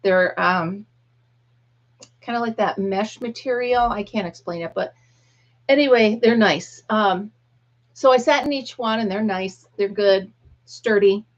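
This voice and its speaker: A woman's voice: medium pitch, a little slow, pauses often. Middle-aged woman chatting on a live stream, telling a story and doing the voices, dull lo-fi sound. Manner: chatty storyteller, acts out quotes. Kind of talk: casual chat with viewers.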